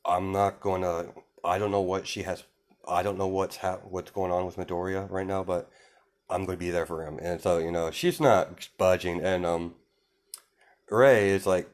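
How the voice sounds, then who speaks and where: A young man with a low voice retells a fan-made story in a loose, casual way. He rambles, restarts his sentences and leans on fillers, quoting the characters in his own plain voice. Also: steady tone, normal speed. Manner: quotes characters without doing voices.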